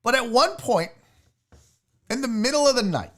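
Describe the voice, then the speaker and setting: Animated man telling a spooky story. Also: very high voice, moderate pace. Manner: animated storyteller who swears casually. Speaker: sports show host. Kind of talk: casual livestream storytelling.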